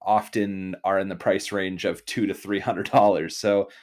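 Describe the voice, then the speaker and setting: A man's voice: deep voice, level tone, normal speed, darkish tone. A young man co-hosting a podcast, explaining things in an easygoing, casual way. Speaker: podcast co-host. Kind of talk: casual chat.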